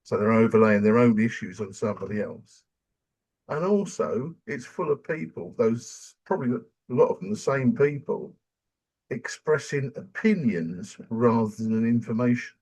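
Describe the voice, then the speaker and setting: An older man from England, chatting casually as a podcast host and telling animated stories. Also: mid-range voice, moderate pace. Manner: animated storyteller, acts out quoted voices. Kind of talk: casual chat.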